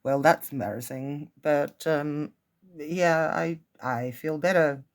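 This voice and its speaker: A host of a casual home vlog who reads poems aloud and chats between them in a relaxed, self-deprecating way. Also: mid-range voice, slow pace. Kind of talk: casual poetry-reading vlog.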